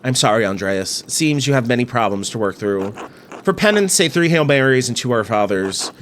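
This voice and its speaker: A man's voice: medium pitch, lively intonation, moderate pace, a bit bright, a little hiss or hum, lightly acted. A man reading a stern priest confessor. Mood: grave. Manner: grave, admonishing. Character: stern, pious male priest hearing confession. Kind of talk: reading game dialogue aloud.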